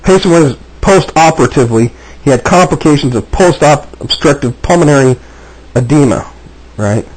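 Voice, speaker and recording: His voice is a little high with lively intonation and a moderate pace, somewhat mellow with a breathy edge. Talking agitatedly to camera, he repeats himself and restarts often, and the recording is rough.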